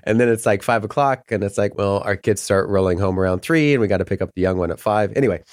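A man's voice: on the low side, fast talker, no echo, clean studio sound. A middle-aged man talking as a podcast guest in casual, rambling chat, often laughing mid-sentence.

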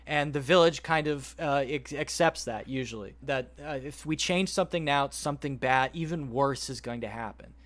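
A man on a podcast, retelling a story at length in a rambling, animated way and quoting the characters as he goes. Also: medium pitch, normal speed, few pauses. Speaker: podcast host. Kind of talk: casual podcast chat, retelling a plot.

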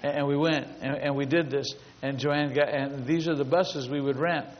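Male pastor, fairly high voice, emphatic storytelling preacher; dull lo-fi recording with long hall reverb. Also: steady tone, normal speed. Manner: emphatic, builds long repetitive lists. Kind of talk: storytelling sermon.

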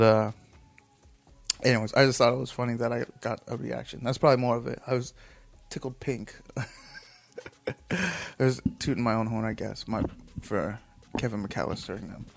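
Man, mid-pitched, loose and profane; rambles, restarts lines, chuckles as he tells it. Casual monologue. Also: gravelly.

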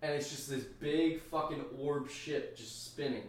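A man's voice: medium pitch, unhurried. Casting: male podcast co-host, rambling and profane storyteller, distant mic, very echoey room. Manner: profane, rambling, acts out his own reactions. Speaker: podcast co-host, Army veteran. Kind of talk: casual storytelling.

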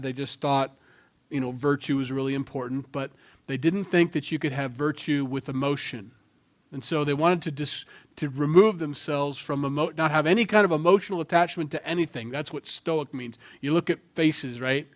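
A man preaching a sermon in a conversational tone, swinging between loud emphasis and quiet asides. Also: a little high. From Norwegian heritage. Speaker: pastor.

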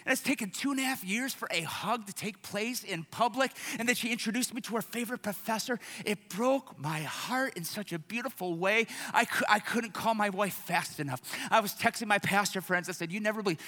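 Bright-voiced preacher man in a reverberant church. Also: very high voice. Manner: emphatic, repetitive preaching that builds to shouts. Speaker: pastor. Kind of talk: sermon. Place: church sanctuary.

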